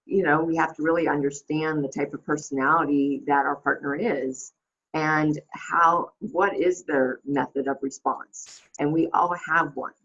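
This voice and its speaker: A woman's voice: low voice, steady tone, unhurried, a bit bright, slightly rough, lo-fi sound. A woman hosting a casual reflective monologue, rambling with many fillers and restarts. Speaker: host.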